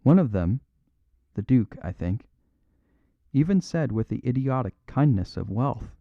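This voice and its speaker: A man narrating a classic mystery audiobook in a measured, even storytelling manner. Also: mid-range voice, gravelly, no room sound, narrow, tinny audio.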